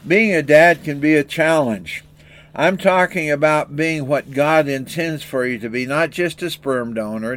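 Older guy preaching, earnest storyteller, voice sits a bit high, sermon vibe. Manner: earnest, storytelling delivery with small restarts. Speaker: pastor. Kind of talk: sermon with scripture reading and anecdotes.

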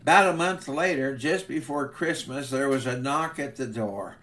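A male preacher telling an illustration in a sermon, with measured, earnest narration. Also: mid-range voice, sharp tone. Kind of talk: sermon storytelling.

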